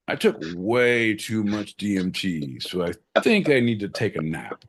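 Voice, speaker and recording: A man's voice: lowish voice, big pitch swings, unhurried, hardly any pauses. A man hosting a podcast, talking in a crude, boisterous, joking way. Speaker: podcast host. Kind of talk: casual podcast chat.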